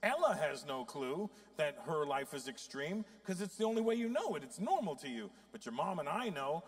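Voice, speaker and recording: A man in his fifties doing stand-up comedy in a high, lively voice that leaps around. He tells his stories with plenty of profanity and throws in sudden loud outbursts. The delivery stays animated and conversational. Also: normal speed. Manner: profane storytelling.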